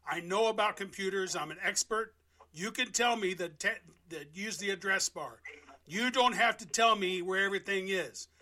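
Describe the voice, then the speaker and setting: A man making a prank phone call, playing a theatrical, flamboyant character who bursts into yelling. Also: sits high, normal speed. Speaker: scam-baiting prank caller.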